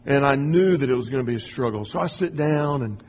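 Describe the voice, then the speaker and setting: A middle-aged man giving a rambling, informal spoken testimony, often restarting and clearing his throat. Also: medium pitch, animated, brisk, darkish tone, highs cut off, a little hiss or hum. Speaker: speaker sharing a personal faith story.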